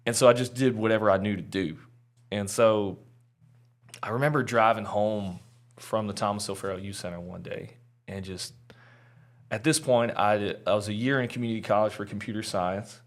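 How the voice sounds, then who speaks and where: A man guest on a podcast, telling his personal testimony in an earnest, candid, chatty way with frequent fillers. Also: on the low side.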